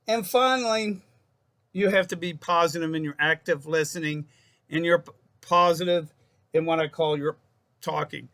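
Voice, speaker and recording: A man's voice: on the high side, moderate pace, a bit bright. A man speaking as a psychologist in a casual self-help talk to camera. He rambles, repeats and restarts his phrases, and calls his viewers folks.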